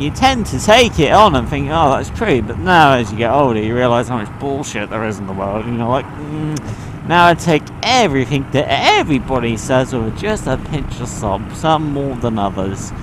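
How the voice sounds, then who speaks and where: A man from the UK giving a casual vlog monologue, animated and swearing, with his voice jumping between high and low. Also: normal speed, noisy background. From United Kingdom. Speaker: motovlogger.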